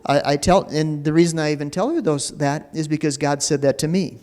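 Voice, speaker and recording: A pastor's fairly high, slightly mellow voice carries a conversational sermon littered with "you know" fillers, his intonation fairly even and his pace a little fast. The church sanctuary gives it a long hall reverb.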